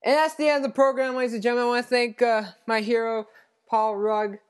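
A man hosting a casual podcast, chatty and halting with frequent fillers. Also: extremely high pitch, little pitch movement, clear, resonant tone. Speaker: podcast host.

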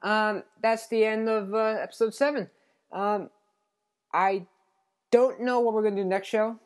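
A man hosting a casual podcast, chatty and halting with frequent fillers. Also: high-pitched, fairly even intonation, clean tone. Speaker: podcast host.

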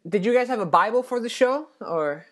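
A man hosting a casual podcast, chatty and halting with frequent fillers. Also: extremely high pitch, animated. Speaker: podcast host.

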